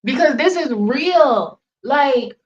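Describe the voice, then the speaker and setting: A woman's voice: high voice, expressive, slow pace, far from the mic, lo-fi sound. A woman hosting a reaction channel, talking casually to her viewers with incredulous exclamations. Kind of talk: casual commentary.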